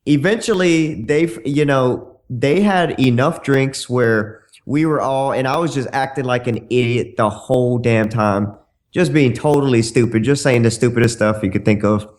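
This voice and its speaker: A man's voice: mid-range voice, normal speed. A man, a podcast guest and dating coach, telling brash, bawdy stories in a casual way. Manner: brash, bawdy, acts out dialogue in shifting voices. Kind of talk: casual anecdote storytelling.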